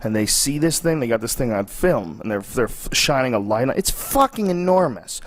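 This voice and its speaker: A man's voice: mid-range voice, sing-song, moderate pace. A man telling a story in a profane, emphatic way during casual podcast chat.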